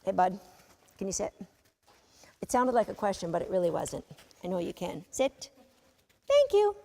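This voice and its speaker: A woman instructing a dog training class, giving brisk, matter-of-fact commands to a dog and its handler, sometimes teasing. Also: medium pitch, wildly swooping pitch, vocal fry, warm tone. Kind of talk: coaching a live training session. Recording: long reverb of a large hall.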